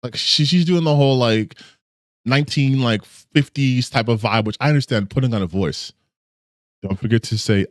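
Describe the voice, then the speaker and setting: A man's voice: medium pitch, moderate pace, no room sound, clean studio sound. A man hosting a reaction video, ranting casually with profanity and disbelief. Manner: animated, profane, incredulous ranting. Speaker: reaction channel host.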